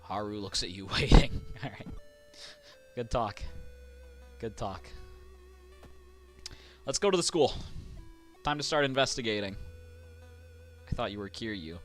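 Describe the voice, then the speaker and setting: A man streaming a horror game, casually chatting, reading game text aloud and getting excitable. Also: lowish voice, moderate pace, long pauses, soft background music. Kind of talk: casual let's-play commentary.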